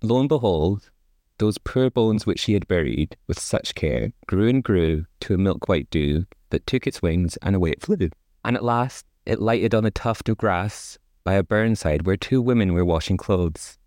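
Host wry low-voiced male reader, casual asides between the story lines, very dry close mic. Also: lively intonation, normal speed, darkish tone, no echo. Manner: wry asides, frequent laughs, many "like"s. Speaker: podcast co-host reading a fairy tale. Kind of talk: casual read-aloud with commentary.

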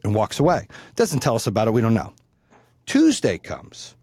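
A middle-aged man telling a long story in a casual, animated, profane way. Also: on the low side, fast talker, breathy edge, dry recording. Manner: profane, animated, acts out the people in his story.

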